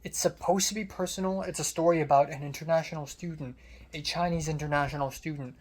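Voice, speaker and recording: A young adult vlogger with an American accent rambles through a story. The delivery is sardonic and casual, peppered with quick asides. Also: medium pitch, steady tone.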